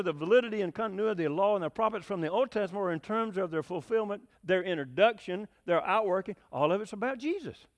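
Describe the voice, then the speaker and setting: A man preaching a conversational sermon, folksy and often asking his listeners questions. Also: high-pitched. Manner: folksy, asks the congregation questions, chuckles.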